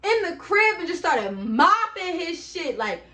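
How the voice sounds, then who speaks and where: Young woman, high bright voice, profane animated storytelling, echoey room. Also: unhurried. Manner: animated, profane, acts out her own shouting. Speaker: vlogger. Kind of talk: casual storytime.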